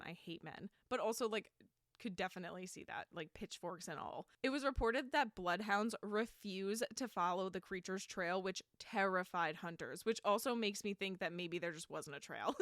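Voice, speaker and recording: A woman's voice: mid-range voice, a bit bright, no room sound, studio quality. A woman hosting a solo podcast, telling a folklore story in a chatty, sarcastic way with lots of filler words. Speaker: podcast host.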